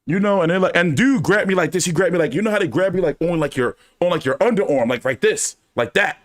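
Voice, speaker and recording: A man chats casually with his live audience, swearing freely and padding his stories with fillers. His voice sits on the higher side and leaps around in pitch. The sound is dry and close, with no room echo. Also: quick pace. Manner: animated, profane, many fillers. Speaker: streamer hosting a fan chat. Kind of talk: casual storytelling to a live chat.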